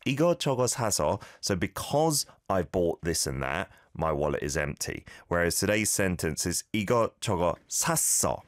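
A man with a lowish voice hosts a radio-style language lesson, his pitch rising and falling a lot as he models phrases. He corrects listeners patiently and encouragingly. The sound is dry and close, with no room echo. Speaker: host and language teacher.

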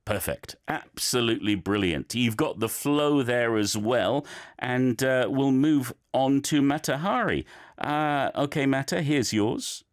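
Encouraging male teacher, lively voice. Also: mid-range voice, unhurried. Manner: encouraging, chatty, with frequent fillers. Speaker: language teacher giving feedback. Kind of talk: friendly feedback on learners' clips.

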